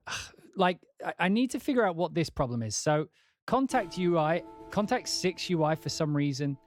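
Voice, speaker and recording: A man's voice: on the high side, animated, normal speed, no echo. A man casually talking through his music production on a livestream, rambling and thinking aloud, with casual swearing. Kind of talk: casual livestream talk while working.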